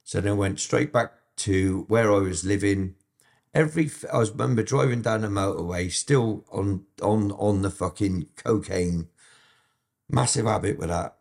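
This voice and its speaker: A man's voice: fairly low pitch, moderate pace, vocal fry, darkish tone. A man telling his story in a candid interview, blunt and full of swearing, often restarting his sentences. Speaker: interview guest.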